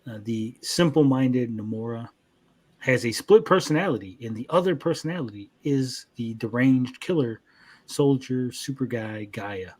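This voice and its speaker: A young man co-hosting an anime review show, recapping episodes in casual chat, swearing freely and jumping into quick character voices. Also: mid-range voice, darkish tone.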